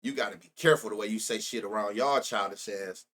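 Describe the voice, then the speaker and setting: A man's voice: fairly low pitch, quick pace, fairly bright tone. A young man streaming live about sports bets, rambling and profane, laughing often and talking straight to his chat.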